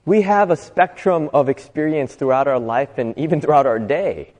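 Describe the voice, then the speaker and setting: A man's voice: on the high side, normal speed, darkish tone. Man giving an inspirational talk in a reverberant hall. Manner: conversational, asks the audience rhetorical questions. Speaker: motivational speaker. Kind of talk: inspirational talk to a live audience. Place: live talk venue.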